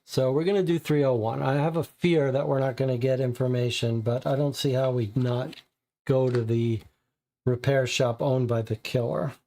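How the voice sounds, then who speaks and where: A man's voice: medium pitch, steady tone, normal speed, warm tone. A man playing a detective board game, reading cards and reasoning through clues aloud.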